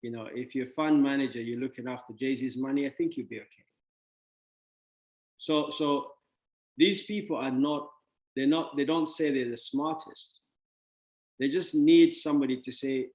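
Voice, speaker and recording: A man's voice: mid-range voice, normal speed, darkish tone, roomy sound. A man giving a motivational talk on money, playful with wordplay and laughs, then blunt and dismissive.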